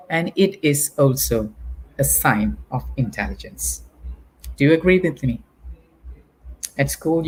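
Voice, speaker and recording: A man with a Malaysian English accent teaching an online English class, talking to viewers with a lively, teacherly delivery. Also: mid-range voice, slightly rough. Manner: animated, exaggerates intonation to teach.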